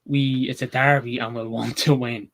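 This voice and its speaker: Rambling, excitable football fan man. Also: mid-range voice, normal speed. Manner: rambling, excitable, swears casually. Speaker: football channel host. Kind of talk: casual match preview chat.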